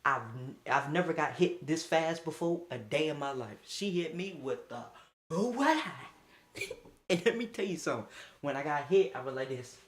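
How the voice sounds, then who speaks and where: A young man casually telling a story, animated and profane, jumping into squeaky high outbursts. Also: moderate pace.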